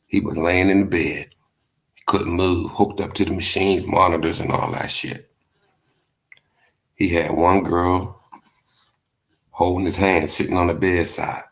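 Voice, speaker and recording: A laid-back man hosts a casual livestream in a very deep, slow voice. He drifts between rambling stories and viewer comments, swearing easily and padding every line with fillers. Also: gravelly, a bit bright. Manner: laid-back, profane, drawn-out storytelling with many fillers. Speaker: livestream host. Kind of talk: casual chat, storytelling, reading comments.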